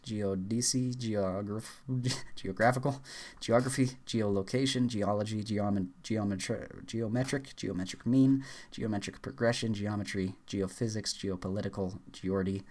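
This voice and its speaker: A man's voice: on the low side, a little mellow. Man speed-reading a word list. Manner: rushed word-list reading with stumbles and fillers. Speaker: YouTuber. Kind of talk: rapid dictionary read-aloud challenge.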